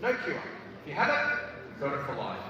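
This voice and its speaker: A man in his thirties, speaking at a medium pitch and moderate pace, gives a live motivational talk to students in a school hall. He tells comic stories with animated delivery, acting out voices and shouting. The echoey recording was made from far off, with noisy hall ambience behind him.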